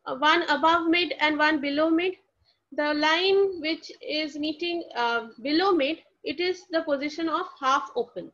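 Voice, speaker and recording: A woman's voice: high-pitched, a bit bright. A woman teaching a lecture to students, posing questions and answering them herself, and spelling words out letter by letter. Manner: explanatory, asks and answers her own questions. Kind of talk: lecture explaining phonetics to students. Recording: dull lo-fi recording.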